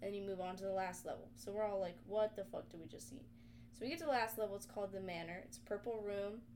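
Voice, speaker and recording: A young woman co-hosting a podcast, retelling a video game in casual, animated chat full of swearing. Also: mid-range voice, fast talker, slight background noise. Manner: animated, profane storytelling. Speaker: podcast co-host.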